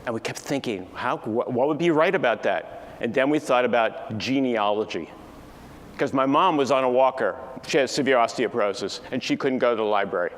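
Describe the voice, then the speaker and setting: A man's voice: medium pitch, brisk. Man telling a story in a hall. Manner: animated storytelling, acts out family dialogue. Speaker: keynote speaker. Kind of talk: storytelling keynote talk. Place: large conference hall. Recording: distant echoey hall with faint ambience.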